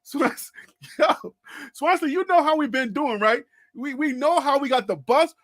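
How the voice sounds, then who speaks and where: Man, high voice, sports channel host, casual chat, animated, laughs a lot. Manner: animated, laughing, talks to viewers by name. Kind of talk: casual live-stream chat.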